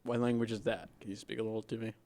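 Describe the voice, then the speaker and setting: A man's voice: on the low side, little pitch movement, rapid-fire, darkish tone. A man co-hosting a podcast, chatting casually and teasing his friend in playful banter. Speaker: podcast co-host. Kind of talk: casual chat.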